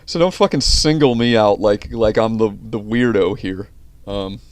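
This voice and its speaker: A man's voice: lowish voice, animated, moderate pace, dry recording. A man hosting a video reaction chat, blunt and ranting, swearing often as he talks. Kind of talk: casual profane chat.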